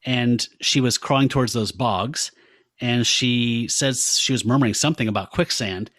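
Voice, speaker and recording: A man's voice: mid-range voice, moderate pace, fairly bright tone, dry recording. A man co-hosting a podcast, recapping a comic book in an easygoing, playful way. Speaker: podcast co-host. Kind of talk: casual comic book discussion.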